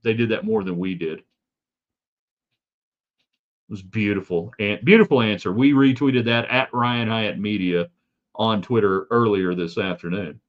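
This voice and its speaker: A man's voice: lowish voice, a little slow, pauses often, lo-fi sound. Opinionated male sports talk host. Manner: opinionated, rambling with asides. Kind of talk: live sports talk stream.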